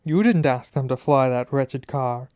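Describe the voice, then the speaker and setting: A man's voice: mid-range voice, measured pace, a little mellow, no room sound, studio quality, close to an everyday voice. A man voicing a stern middle-aged mother who scolds her sons and fusses over a guest, in an audiobook. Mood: motherly. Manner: scolding, then fussing tenderly. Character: stern, fussing middle-aged mother, loud when angry. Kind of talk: audiobook character voice.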